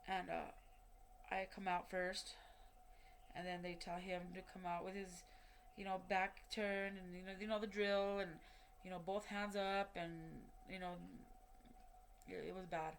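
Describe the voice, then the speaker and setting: A woman's voice: lowish voice, little pitch movement, unhurried, slight background noise. A woman recounting a personal story in a rambling, heavily profane way, full of fillers and restarts and acting out what people said. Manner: re-enacts what people said in quoted dialogue. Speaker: vlogger telling a personal story. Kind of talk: casual spoken storytelling.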